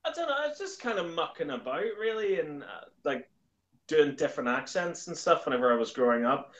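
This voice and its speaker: A man's voice: a little high, sing-song, a little fast, a bit bright, rough recording. A young man hosting a casual chat, rambling with many fillers. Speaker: host.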